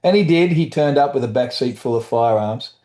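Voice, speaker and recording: A middle-aged man, a guest, candidly telling personal stories in conversation, halting and restarting as he goes. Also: medium pitch, animated, warm tone. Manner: halting, with restarts and brief quoted voices. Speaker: guest, author and trauma survivor.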